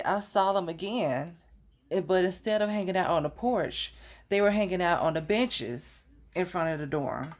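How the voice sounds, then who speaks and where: Young woman vlogging about college, slow easygoing talk, kinda low voice. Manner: slow, relaxed, chatty, laughs at own story. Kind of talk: casual storytelling.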